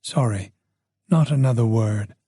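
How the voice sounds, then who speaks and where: A man's voice: medium pitch, mellow, breathy edge, dry recording, studio quality. A man voicing a chatty, observant older woman with a faint Dublin accent, teasing and talking on in an audiobook. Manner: gossipy, teasing, talks on quickly.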